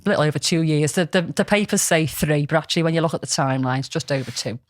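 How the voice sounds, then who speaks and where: A woman's voice: low-pitched, fast talker, dry recording, studio quality. A woman, casually telling a story on a podcast, rambling with lots of ums and restarts. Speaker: podcast co-host.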